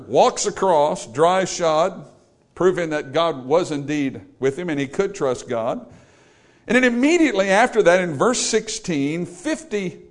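A man preaching a sermon, storytelling and acting out the people he quotes. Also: sits high. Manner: animated, acts out quoted voices.

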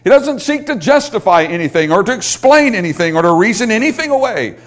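A man's voice: sits high, big pitch swings, brisk. A male pastor preaching a sermon, building in intensity and pleading when he quotes scripture.

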